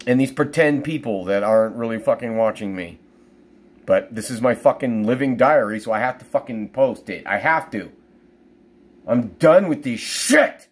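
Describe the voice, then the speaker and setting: A man's voice: on the low side, moderate pace. A middle-aged man in pain, venting angrily and swearing in a personal video diary. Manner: profane, venting, bursts of loud anger. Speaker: vlogger.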